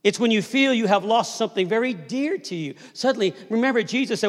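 Pastor guy in his 50s preaching, chatty storytelling, high voice, long echo off a big church hall. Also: expressive, fairly quick, few pauses. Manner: conversational storytelling preacher, asks the crowd to respond. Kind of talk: sermon. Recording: long reverb of a large hall.

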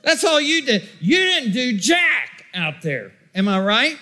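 A man preaching a sermon as pastor, emphatic and repetitive, breaking into shouts. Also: extremely high pitch, big pitch swings, slow pace.

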